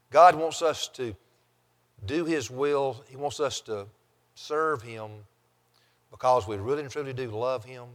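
A man's voice: medium pitch, long reverb tail. A man preaching a sermon as pastor, reading scripture aloud and then stressing key phrases as he teaches.

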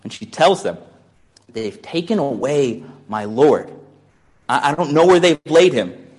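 A man's voice: fairly high pitch, animated, unhurried. A pastor preaching a sermon in a musing, conversational way, often restarting his sentences.

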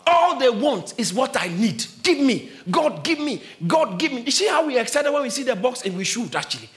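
A man preaches to his church in a strikingly high, bright voice. He spells words out and explains them, and he rises into shouts and laughter as he presses his point. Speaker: pastor. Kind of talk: sermon.

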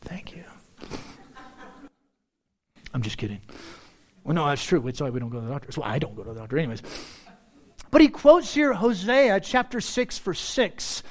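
A man preaches to his congregation in an animated, chatty way, throwing in jokes and playful asides. His pitch roams widely as he talks, rising high for emphasis and dropping low for confiding remarks. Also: fairly quick. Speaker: pastor. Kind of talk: sermon.

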